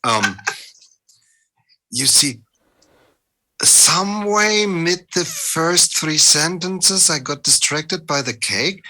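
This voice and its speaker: A man's voice: a little high, pushed and bright, exaggerated voice, low-quality recording. A man playing a dim, easygoing young male hobbit who speaks in a distracted, chummy way.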